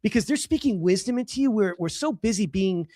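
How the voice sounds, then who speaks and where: A man's voice: high-pitched, expressive, brisk, dark tone, dry recording, studio quality. A middle-aged man from Los Angeles, a podcast guest, telling a personal story with emphatic energy and frequent restarts. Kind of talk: casual storytelling.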